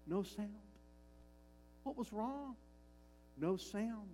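A man's voice: high voice, animated, drawn-out words, dark tone, rough recording. A male pastor preaching a sermon, emphatic and repeating his key lines, with frequent rhetorical questions to the congregation.

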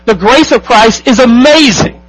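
Man, pastor, sermon, high voice, husky, emphatic, rhetorical questions. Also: measured pace, dry recording, low-quality recording.

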